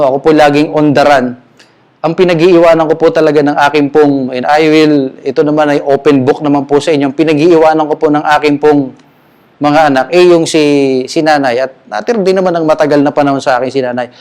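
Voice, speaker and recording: A man's voice: fairly high pitch, a little mellow. A middle-aged man with a Filipino accent preaching a sermon at a memorial, emphatic and grieving, switching between English and Tagalog. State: grieving, emotional. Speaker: pastor.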